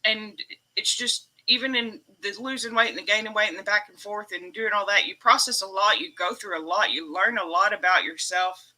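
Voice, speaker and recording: A woman's voice: mid-range voice, fairly quick, pushed and bright. A woman hosting a casual livestream from home, emotional and upbeat, laughing often as she chats. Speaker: livestream host.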